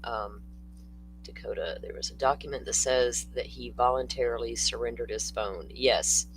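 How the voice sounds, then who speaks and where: A man's voice: mid-range voice, moderate pace, a bit bright, a little hiss or hum, low-quality recording. An older man hosting a true-crime livestream, talking casually and bluntly, answering viewers in the chat.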